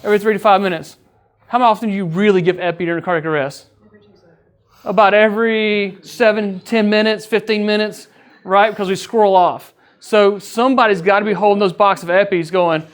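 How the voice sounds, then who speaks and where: Joking with his crew, a man whose voice runs fairly high delivers a relaxed training lecture in a chatty, teasing style. He often adds a quick "right?" to check they're keeping up, sounding like a training officer among colleagues rather than reading anything prepared.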